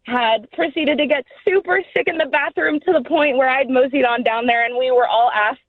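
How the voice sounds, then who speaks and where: A woman's voice: high-pitched, normal speed, dry recording. A woman calling into a radio show, telling a story casually with frequent giggles. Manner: casual, giggly, laid-back. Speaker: radio caller. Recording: tinny phone line.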